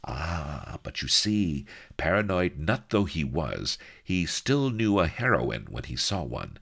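A man narrating a comic story with wry, theatrical relish. His voice is very low and gravelly, and his delivery swoops widely in pitch. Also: sing-song, slow pace, fairly bright tone.

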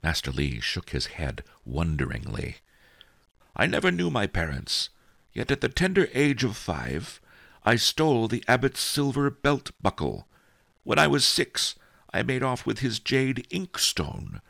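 A man's voice: medium pitch, wildly swooping pitch, unhurried, gravelly, a bit bright, no echo, clean studio sound, voice pushed up, exaggerated voice. A man reading an audiobook, voicing a wily old male storyteller who tells his tale wryly. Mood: wry storytelling. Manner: wry, sly storytelling. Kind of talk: audiobook character voice.

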